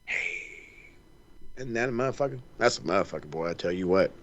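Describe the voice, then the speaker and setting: A man co-hosting a podcast, chatting casually with a profane, animated ranting manner. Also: low voice, fairly quick, muffled recording, a little hiss or hum. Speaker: podcast co-host. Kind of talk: casual chat.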